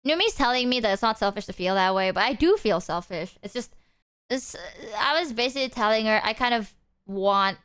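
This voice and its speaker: A young woman streaming and chatting openly to her audience, her voice sitting high and bright. She talks in loose, rambling runs with big upward swings. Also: a little fast, smooth. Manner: animated, swinging pitch, candid and rambling. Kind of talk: casual chat to stream viewers.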